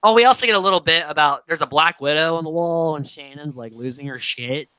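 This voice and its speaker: A young woman co-hosting a casual podcast, recapping a reality show with animated storytelling, acting out quotes, laughing and swearing freely. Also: low voice, quick pace, clear, resonant tone, dry recording, poor audio. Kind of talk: casual chat.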